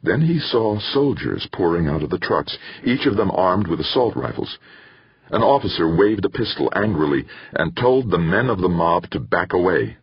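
Male audiobook narrator, extremely low voice, husky, dry, slightly muffled recording. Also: big pitch swings, moderate pace, dry recording. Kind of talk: scripted narration.

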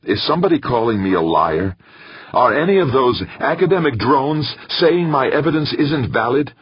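A man voicing an excitable male scientist who flares into indignant, rising outbursts. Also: low voice, unhurried, gravelly, husky, dull audio, voice pushed up, full character voice.

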